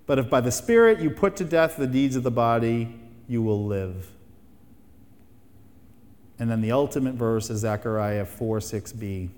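A man's voice: mid-range voice, expressive, normal speed, pauses often, a little mellow, in a large hall. A man preaching a sermon as pastor, emphatic and fond of rhetorical questions and repeated phrases.

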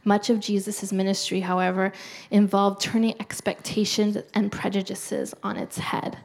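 Middle-aged woman preacher, gravelly, earnest and conversational, drops to a near-whisper. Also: mid-range voice, flat delivery, moderate pace, a little mellow. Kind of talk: sermon.

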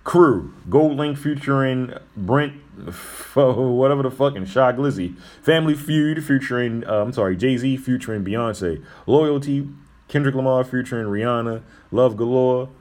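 A man's voice: medium pitch, unhurried, a little mellow. Blunt, profane man in podcast chat. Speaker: podcast co-host. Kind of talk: casual chat.

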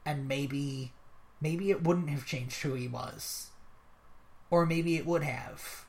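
A podcast host talking over a movie in a loose, casual chat. The delivery is chatty and quick, and the host keeps jumping back in with stray afterthoughts. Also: medium pitch.

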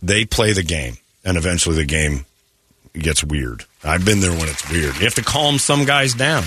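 A man's voice: sits low, very animated, moderate pace, background noise. A man hosting a morning radio show, telling a story in casual banter and slipping into quoted voices.

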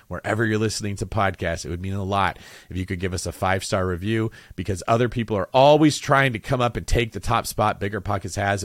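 A man's voice: fairly low pitch, no room sound, studio quality. A man hosting a real estate podcast, giving casual advice with joking asides. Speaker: podcast host.

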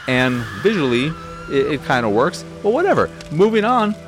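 A man's voice: fairly high pitch, very animated, normal speed, over music. Profane, sarcastic young man ranting. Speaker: game reviewer. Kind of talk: casual ranting review.

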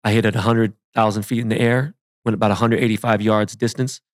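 A man hosting a podcast, telling stories in a loose, profane, animated way and calling people "bro". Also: on the low side, fast, no echo, clean studio sound. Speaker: podcast host. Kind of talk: casual storytelling. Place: podcast studio.

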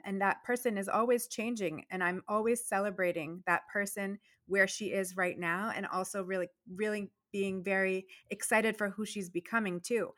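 A woman's voice: medium pitch, fairly bright tone. A middle-aged woman, a dentist and entrepreneur, telling her story animatedly in an interview, drifting into tangents. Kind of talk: casual interview conversation.

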